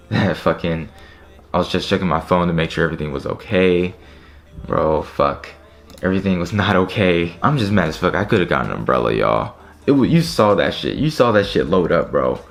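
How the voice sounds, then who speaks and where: A young man with a low, deep voice talks straight to his audience, grumbling and swearing over an online checkout. He sounds annoyed and exasperated as he talks it through. Faint music plays quietly in the background. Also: animated, moderate pace. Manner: frustrated, swearing, talking to viewers. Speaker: streetwear vlogger. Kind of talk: casual live commentary.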